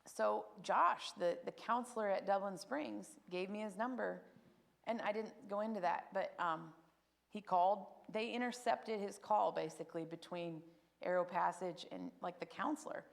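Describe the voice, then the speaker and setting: A woman's voice: medium pitch, normal speed, gravelly. A woman giving a spoken personal testimony at church, telling her story with feeling and acting out what others said. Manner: emotional, animated storytelling with acted quotes.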